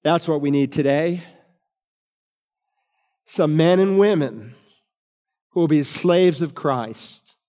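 A middle-aged man preaches from the pulpit, lifting his voice on key words and then slowing for weight. His voice is smooth, resonant and a little high for a man. Long reverb from the church sanctuary trails every phrase. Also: mellow. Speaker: pastor. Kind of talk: sermon.

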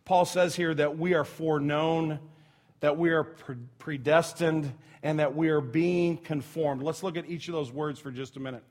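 A man's voice: a little high, fairly even intonation, moderate pace. A middle-aged man preaching a sermon as pastor, talking conversationally with asides and self-corrections, sometimes dropping almost to a whisper. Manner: drops to a near whisper when telling a quiet story.

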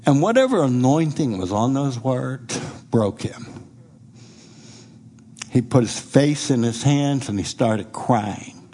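A middle-aged man with a husky voice tells his testimony from the pulpit like a storyteller. His pitch swings up and down as he acts out the people in his story. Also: takes it slowly, long pauses. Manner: animated storyteller who acts out quoted speech. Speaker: preacher giving a testimony.

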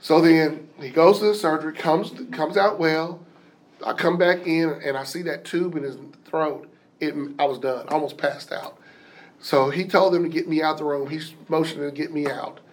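Man, personal storytelling, animated, acts out quotes, somewhat high pitch. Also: normal speed.

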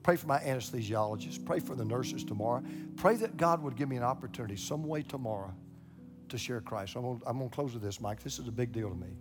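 Older pastor preaching over soft guitar. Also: male voice, mid-range voice, fast talker. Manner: animated, repeats words when excited, acts out quoted voices. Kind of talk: sermon storytelling.

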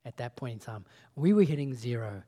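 Animated preacher telling a story. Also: male voice, mid-range voice, a little fast. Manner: animated storytelling, acting out conversations; casual, conversational asides. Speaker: pastor. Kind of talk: sermon.

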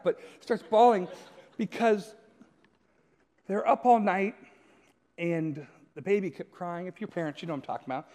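A man with a strikingly high voice delivers a laid-back sermon built around stories, often tossing a quick "right?" to his listeners. The conversational talk echoes through a church hall with long reverb.

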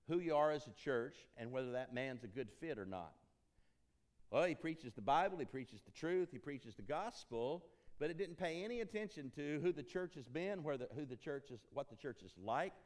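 A man's voice: mid-range voice, darkish tone. A man from Tennessee speaking in a church as an interim ministry consultant, folksy and joking, repeating phrases for emphasis. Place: church sanctuary.

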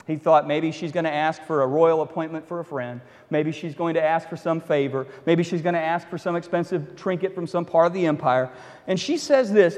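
A man preaching a sermon, retelling a Bible story with animated storytelling, acting out the characters and adding wry asides. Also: on the high side, fairly quick, long reverb tail. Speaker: pastor.

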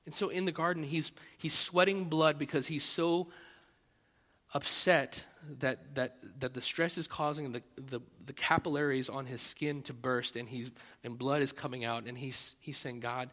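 A man preaching a sermon as pastor, animated, acting out loud rising prayers and often restarting his phrases. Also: medium pitch, normal speed, in a large hall.

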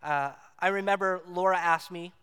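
A man preaching a sermon, telling a personal story in an animated way and acting out the voices in it. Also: high-pitched, moderate pace, smooth. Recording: long hall reverb.

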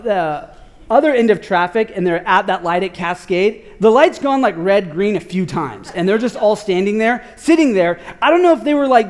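High-voiced pastor telling a lively story. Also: male voice. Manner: animated, slangy, many "like" fillers. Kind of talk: casual storytelling sermon.

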